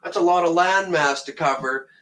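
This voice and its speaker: A man's voice: a little high, normal speed, fairly bright tone, low-quality recording. Foul-mouthed Canadian man ranting. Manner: angry, swearing constantly, blunt and mocking. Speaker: comedic ranter. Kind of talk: profane comedic rant to camera.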